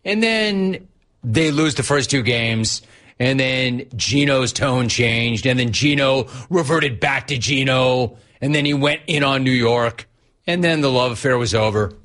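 A man hosting a sports talk radio show, sarcastic and animated as he reads out listener messages and riffs on them. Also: mid-range voice, unhurried.

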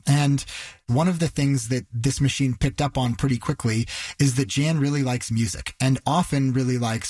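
A man's voice: medium pitch, a little mellow, husky, dry recording. A male reporter retelling a story in a conversational, vivid way. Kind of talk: narrated news storytelling.

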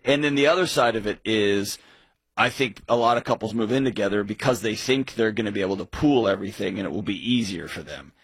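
Husky low-voiced male radio host. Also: fast, dry recording, low-quality recording. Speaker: co-host of a money call-in show. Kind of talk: casual radio talk.

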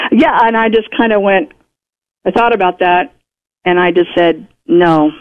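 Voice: medium pitch, fairly even intonation, measured pace. A radio guest in conversation who tells a personal story in a chatty way and acts out the speech of others. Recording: muffled radio broadcast audio.

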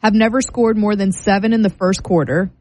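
A woman on a casual sports talk show, sounding exasperated and sardonic about her team. She reels off numbers in a brisk, fed-up way, at a mid-range pitch. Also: fairly even intonation, dark tone, rough recording. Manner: exasperated and sardonic, reading stats aloud.

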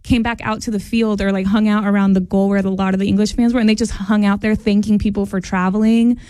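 A woman's voice: mid-range voice, little pitch movement, fast, dark tone, smooth, dry recording. A woman co-hosting a casual talk show, telling a family story with chatty enthusiasm. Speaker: co-host. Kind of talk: casual chat.

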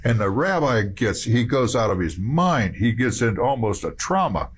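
A man's voice: medium pitch, very animated, moderate pace, hardly any pauses, breathy edge. A man giving emphatic, rambling storytelling commentary, full of restarts and asides.

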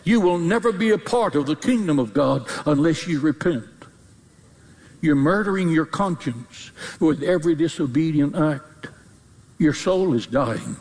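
A man preaching a sermon as a pastor, emphatic, with repeated phrases and sudden high cries. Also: lively intonation, unhurried, darkish tone. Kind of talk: fiery sermon. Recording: long hall reverb.

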